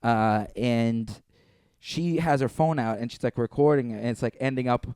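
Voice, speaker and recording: A man's voice: medium pitch, normal speed, a little mellow, clean tone, dry recording, clean studio sound. A man, a stand-up comedian guest, telling rambling anecdotes full of fillers in casual podcast chat. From Canada.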